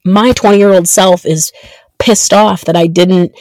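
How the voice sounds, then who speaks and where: A woman in her thirties hosting her own podcast, talking earnestly and haltingly with many ums and restarts. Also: medium pitch, fairly even intonation, a little mellow, no room sound. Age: 30s. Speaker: podcast host. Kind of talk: reflective solo podcast monologue.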